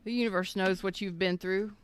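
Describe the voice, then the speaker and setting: A woman reading tarot on a live stream, emotional and choked up, talking slowly and soothingly with halting pauses. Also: medium pitch, fairly even intonation, a little hiss or hum. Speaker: tarot reader.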